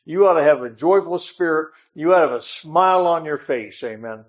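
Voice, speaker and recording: A man's voice: fairly high pitch, expressive, brisk, muffled recording. Man preaching a folksy sermon, "amen" often. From northern United States. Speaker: guest preacher. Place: church.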